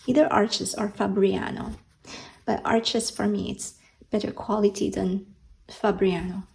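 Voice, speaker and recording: Slow, gravelly-voiced woman. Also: medium pitch, fairly even intonation, a little mellow, low-quality recording. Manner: slow, hesitant, many ums and restarts. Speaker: art channel host. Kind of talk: casual show-and-tell vlog. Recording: faint background noise.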